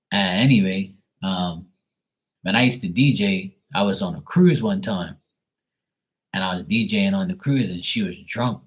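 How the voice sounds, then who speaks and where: A man's voice: sits low, measured pace, breathy edge. A man hosting a live stream who tells stories in a rambling, blunt, profane way. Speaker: live tarot reading host. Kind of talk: casual storytelling on a live stream.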